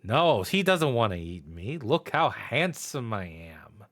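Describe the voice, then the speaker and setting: A man's voice: mid-range voice, sing-song, slow pace, a bit bright, voice pushed down. A man voicing a cheeky, talkative male city rat in a tabletop game, with a cocky, teasing manner. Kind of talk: tabletop role-play voice.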